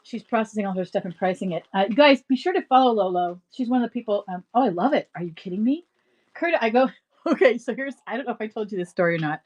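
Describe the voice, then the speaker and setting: A middle-aged woman chats her way through a live sale stream, wandering off into long stories. She is animated and laughs often, and her voice sits at a medium pitch. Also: fast, muffled recording. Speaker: live-stream reseller host. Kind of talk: chatty live-selling stream.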